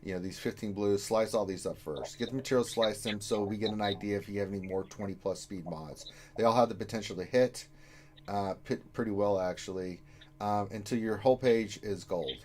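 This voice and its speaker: A man's voice: fairly low pitch, fairly quick. A man in his forties, co-hosting a casual gaming live stream and giving advice in a rambling way. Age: 40s. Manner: loud bursts of laughter, rambling.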